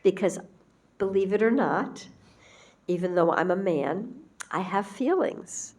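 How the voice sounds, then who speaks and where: A woman spiritual teacher giving a gentle, conversational devotional talk and acting out quoted lines. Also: medium pitch, expressive, measured pace.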